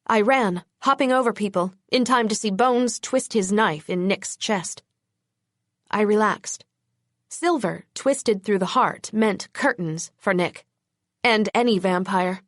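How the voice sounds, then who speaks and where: A woman's voice: medium pitch, takes it slowly, no echo, studio quality. A woman narrating a first-person urban fantasy audiobook in a tense, urgent voice.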